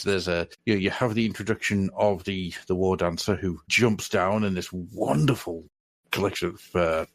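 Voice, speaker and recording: A man co-hosts a podcast in casual, enthusiastic chat and laughs often. His voice is low, and the recording is dry and close. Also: no room sound. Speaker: podcast co-host.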